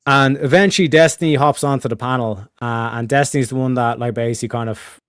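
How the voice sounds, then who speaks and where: A man's voice: mid-range voice, fairly even intonation, brisk, clear, resonant tone, dry recording, clean studio sound. A man chatting casually as a streamer host, rambling with lots of fillers, restarts and casual swearing. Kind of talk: casual chat.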